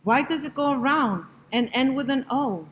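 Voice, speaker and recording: A woman's voice: high voice, animated, moderate pace, pitched above the performer's own voice. A woman reading aloud as a curious little girl who loves numbers, asking wondering questions.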